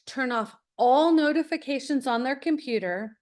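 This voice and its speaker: A woman's voice: high-pitched, normal speed, darkish tone. A middle-aged woman, a college admissions consultant, talking to parents in a masterclass, direct and full of stories. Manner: direct, anecdotal, acts out quotes. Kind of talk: webinar masterclass talk.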